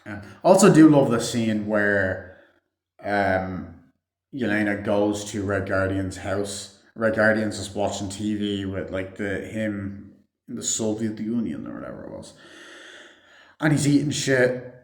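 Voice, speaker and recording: A man's voice: fairly low pitch, lively intonation, unhurried. A man giving a casual, rambling movie review full of fillers and swearing. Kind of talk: casual spoken film review. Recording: echoey room.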